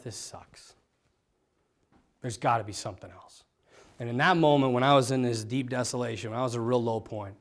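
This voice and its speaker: A priest giving a personal testimony to a group, animated and self-mocking. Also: male voice, mid-range voice. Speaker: priest, vocation director.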